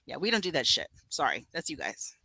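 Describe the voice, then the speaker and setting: A woman's voice: sits low, huge pitch swings, fairly quick, creaky, pushed and bright, breathy edge, rough recording. A woman co-hosting a casual livestream, blunt and profane as she answers viewer comments. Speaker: livestream co-host.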